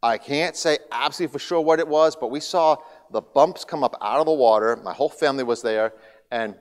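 A man's voice: mid-range voice, a little fast. Man speaking in a reverberant hall. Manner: lively storyteller, grows loud and excited in anecdotes. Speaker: guest speaker. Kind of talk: church seminar talk.

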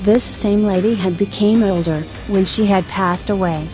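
A woman's voice: medium pitch, steady tone, normal speed, darkish tone, faint music behind. A woman narrating a religious testimony in earnest, exhorting tones.

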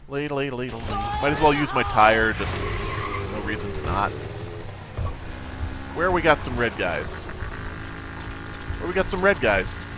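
A man commentates on his own gameplay during a live stream, unhurried and pausing often, his medium-pitched voice sing-song. He jokes, curses, giggles and hums nonsense to himself. Music plays in the background alongside loud game effects and voice lines.

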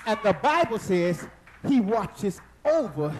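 A man preaching a sermon at a church service, lively and in call-and-response with the congregation, rising into shouts at the high points. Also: takes it slowly, a faint crowd, a little hiss or hum, low-quality recording.

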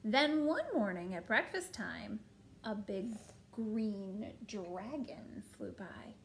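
A woman reading a children's picture book aloud to a child, gently stopping to point at pictures and ask questions. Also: mid-range voice, expressive, slow, creaky, noisy background.

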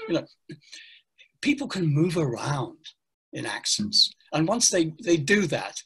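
Husky older man explaining. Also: a little high, a little slow, pauses often. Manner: animated, hesitant with many fillers. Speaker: interview guest, pronunciation teacher trainer. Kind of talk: online interview conversation.

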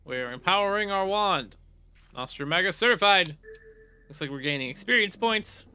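A man chats his way through a game he is playing, reading the text on screen aloud and breaking into silly hums and sound effects. His voice sits a little high for a man and has a very bright, forceful edge. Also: animated, normal speed, clear, resonant tone. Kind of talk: casual let's play commentary.

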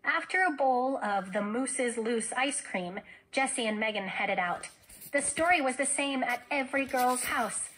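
A woman teacher reads a children's novel aloud to her class. Her delivery is expressive, and her voice sits fairly high. She tells the story like a storyteller, shaping each line. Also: unhurried, rough recording.

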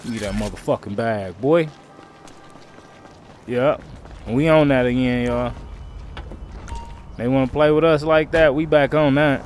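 A man's voice: measured pace, long pauses, slight background noise. Slangy, cursing man streaming a roleplay. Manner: slangy, swears a lot, keeps calling out to viewers; swings from low grumbling to loud outbursts. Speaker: streamer playing a roleplay character. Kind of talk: in-character roleplay commentary to viewers.

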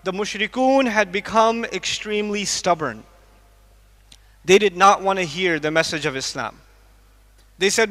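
A man giving an animated religious lecture, reciting Arabic verses and acting out what people say. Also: sits high, unhurried, pauses often, long reverb tail. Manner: acts out quoted speakers, quotes Arabic verses. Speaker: Islamic lecturer.

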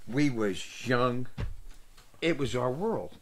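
An older man, host of a show, telling rambling, comic stories in casual chat, swearing freely and swinging from loud to soft. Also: medium pitch, expressive, takes it slowly, a little hiss or hum. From Pittsburgh area, USA. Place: small indoor room.

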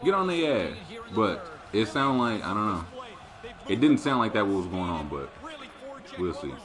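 Animated, low-voiced male streamer. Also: normal speed. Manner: animated, talkative, swears freely. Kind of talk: casual chat while playing a hockey video game. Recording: video game arena crowd noise behind. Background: hockey game crowd and commentary.

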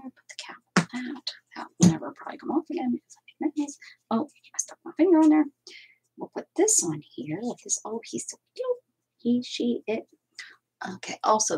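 Casting note: a chatty woman with a husky voice and lively, bouncy pitch, crafting on a home livestream and talking to viewers. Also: low-quality recording. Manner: chatty, rambling, answers viewer comments aloud. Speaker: crafting channel host. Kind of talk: casual livestream chat while crafting. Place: at home with her cats.

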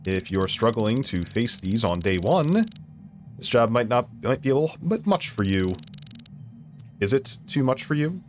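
A man reading out a stern, condescending intelligence agency chief from a video game, in a lower and quieter voice. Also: big pitch swings, measured pace, soft background music.

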